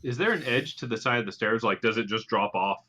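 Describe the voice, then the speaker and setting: A man's voice: medium pitch, fast, bright, forceful tone. A man playing in a tabletop game, talking in an easygoing way and asking plain questions. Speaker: player. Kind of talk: casual tabletop game chat.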